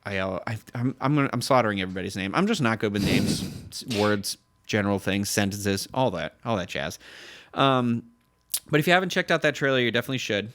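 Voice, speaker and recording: A man co-hosts a casual pop-culture news podcast, talking fast, rambling and correcting himself, his voice jumping higher whenever he gets excited.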